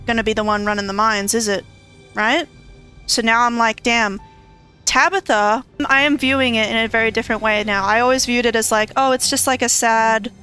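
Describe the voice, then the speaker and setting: Bright-voiced, swearing woman game streamer. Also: a little high, smooth. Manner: exclamatory and profane, often laughing. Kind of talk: casual let's-play commentary.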